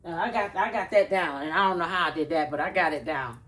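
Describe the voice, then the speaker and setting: A woman's voice: low-pitched, fast talker, fairly bright tone. A woman in her fifties chatting casually to her viewers while doing chores, earnest and rambling, repeating herself for emphasis. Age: 50s. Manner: folksy, informal talk. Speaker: vlogger.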